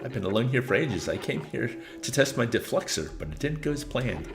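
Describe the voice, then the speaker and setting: A man's voice: mid-range voice, very animated, a little fast, vocal fry. A man reading aloud the lines of a lonely older male robot inventor, earnest and warning, over faint music. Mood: wistful. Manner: reads game text aloud, earnest and warning.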